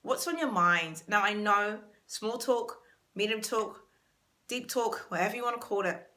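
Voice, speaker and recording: This is a British woman giving a motivational talk on her self-help channel. Her voice is bright and forward at an even middle pitch. She speaks earnestly and stresses her main points by saying them twice. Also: measured pace. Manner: earnest, emphatic, repeats key words.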